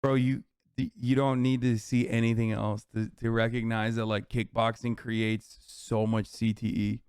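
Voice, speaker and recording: A male streamer riffs on a clip in casual, profane bursts, sounding openly incredulous and mocking. His voice is crisp and smooth, picked up close with a dry, dead sound. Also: medium pitch, little pitch movement, measured pace, darkish tone, dry recording. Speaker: streamer reacting to videos. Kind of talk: casual reaction commentary.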